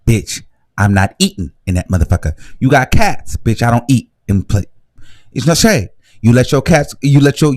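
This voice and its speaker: A man dishes gossip in a live reaction commentary, sassy and animated. His voice sits fairly high, and it is recorded dry and close with no room sound. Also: no echo. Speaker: commentary host.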